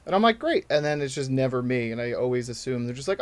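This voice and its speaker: A man's voice: medium pitch, sing-song, fast. A man in his thirties, a stand-up comedian guest telling his story in a rambling, self-deprecating way in casual podcast chat.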